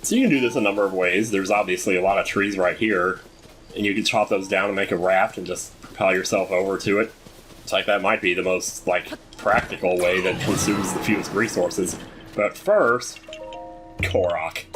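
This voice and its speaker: A man's voice: deep voice, moderate pace, music in the background. A man giving casual, jokey commentary while playing a video game, chatting to the characters on screen. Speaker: gameplay commentator. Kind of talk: casual let's-play commentary.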